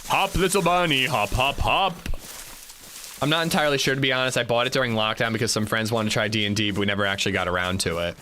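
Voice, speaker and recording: Bright-voiced joking male game streamer. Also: fairly low pitch, rapid-fire, hardly any pauses, slight background noise. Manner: joking, chatty, talks to chat. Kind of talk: casual livestream commentary.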